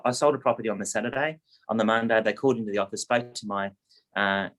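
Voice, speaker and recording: A man, a real estate agent telling a story and coaching in a casual, animated way. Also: fairly low pitch. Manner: animated anecdote teller, lively, acts out quotes.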